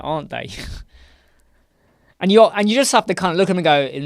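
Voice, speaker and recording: A man's voice: high voice, lively intonation, fairly quick, creaky, long pauses, dry recording. British guy rambling on a live chat, lots of "right?", dead dry sound. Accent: British English. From United Kingdom. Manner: chatty, leans on "right?" and filler words. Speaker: live stream host. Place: small dark room with sound panels.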